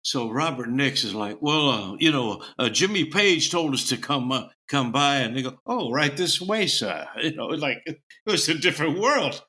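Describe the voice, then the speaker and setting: Bright, lively older storytelling man. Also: mid-range voice, normal speed. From Tampa, Florida. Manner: lively, acts out the people in his stories. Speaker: guest musician. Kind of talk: anecdotal storytelling.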